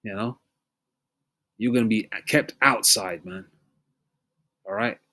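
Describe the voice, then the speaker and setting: A man with a somewhat low voice delivers a loose, conversational sermon. He stresses his points emphatically and keeps checking in with "okay?" He reads scripture slowly and clears his throat between passages. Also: sharp tone. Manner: emphatic, repeats "you know?" and "okay?" often. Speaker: preacher. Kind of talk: informal sermon with scripture reading.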